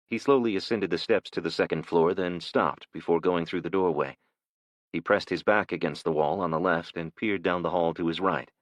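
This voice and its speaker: A man narrating a thriller audiobook in a measured, steady storytelling manner. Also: deep voice, no room sound.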